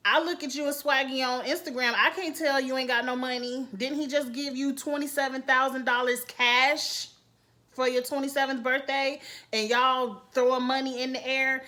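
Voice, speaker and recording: Blunt chatty woman, higher voice. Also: normal speed, bright, forceful tone. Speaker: reality TV reviewer. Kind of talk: casual opinionated commentary.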